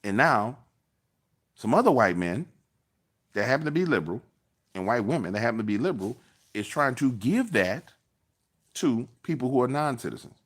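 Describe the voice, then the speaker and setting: A man's voice: mid-range voice, moderate pace, pauses often. A man hosting a political livestream from his car, blunt and profane in a casual monologue. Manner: blunt, profane, animated retelling.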